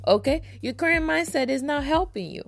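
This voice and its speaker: A woman's voice: high voice, expressive, brisk, gravelly, soft background music. A woman hosting a self-help podcast, talking casually and emphatically to her listeners, repeating phrases for stress. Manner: talks straight to listeners as "you guys". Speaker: podcast host.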